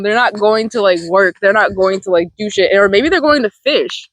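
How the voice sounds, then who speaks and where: A woman's voice: mid-range voice, moderate pace, fairly bright tone, no echo, rough recording. A woman in her twenties talking casually about a film, rambling with lots of fillers and restarts and frequent laughs, into a close mic. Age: 20s. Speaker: vlogger. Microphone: close desk mic.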